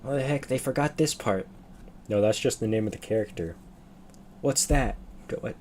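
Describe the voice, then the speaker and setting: A man's voice: medium pitch, moderate pace, darkish tone, a little hiss or hum. Rambling young man streaming. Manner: rambling, loses his train of thought. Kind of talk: casual livestream chat.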